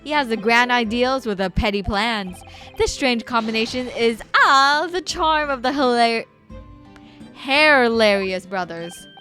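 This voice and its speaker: A woman's voice: fairly high pitch, measured pace, pushed and bright, faint music behind. A woman voicing a boastful young Italian nobleman and swindler with a put-on Italian accent, reading game dialogue aloud. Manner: showy, theatrical.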